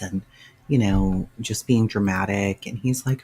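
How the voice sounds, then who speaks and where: A man's voice: fairly low pitch, steady tone, measured pace, a little mellow, a little hiss or hum. A man hosting a casual livestream, answering viewers' chat by name and sounding emotional and sighing as he talks. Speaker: livestream host.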